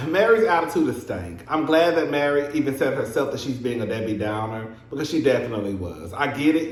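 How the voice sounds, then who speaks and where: A young adult man casually recapping a reality TV episode, animated and laughing, acting out scenes in exaggerated voices. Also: medium pitch. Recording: echoey room.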